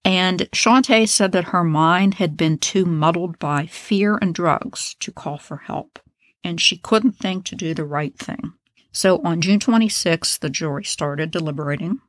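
A woman's voice: on the low side, no room sound. A woman hosting a true crime podcast, telling a case in a casual, blunt, opinionated way with profane asides.

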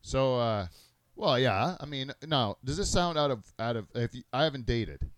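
A middle-aged man hosting a crude casual podcast chat, rambling and halting with many fillers and restarts. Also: mid-range voice, animated, no echo. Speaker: podcast host.

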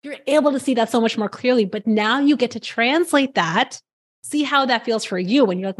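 Higher-voiced woman coaching host. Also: a little fast. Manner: earnest, encouraging, frequent affirming murmurs. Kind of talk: conversational coaching talk.

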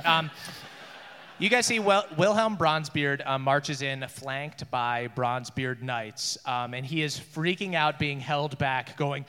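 A man's voice: mid-range voice, a little slow, sharp tone, clear, resonant tone. A man narrating as game master of a tabletop game, casual and full of fillers. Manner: casual, filler-heavy, laughing. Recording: echoey room with long reverb.

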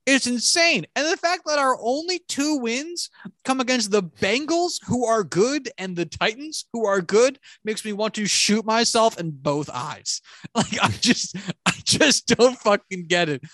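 Profane, animated football-fan rant. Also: medium pitch, measured pace, no room sound. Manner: furious, profane ranting; exasperated, sarcastic. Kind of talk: sports rant.

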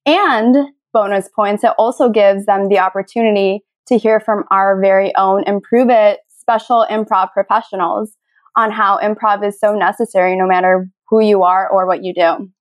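A woman's voice: mid-range voice, fairly even intonation, moderate pace, no echo. A woman who manages a podcast, guesting on it in friendly casual chat and laughing easily.

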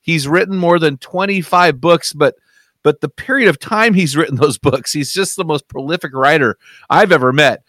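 A man hosting a faith podcast, upbeat and teasing, with some halting fillers. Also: a little high, fairly bright tone, no echo. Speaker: podcast host. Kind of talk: casual podcast chat.

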